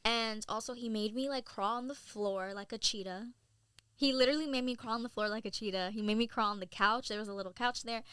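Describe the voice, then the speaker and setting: A young woman in her twenties, a model and content creator, telling stories in an animated, casual way with lots of "like"s. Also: on the high side, smooth, no room sound, clean studio sound. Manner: animated storyteller, many "like"s and quick laughs. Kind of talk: casual interview chat.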